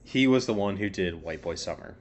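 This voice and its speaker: A man's voice: sits low, lively intonation, a little fast, a little hiss or hum. A young man co-hosting a casual sports podcast, rambling with lots of fillers and swearing. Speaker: podcast co-host.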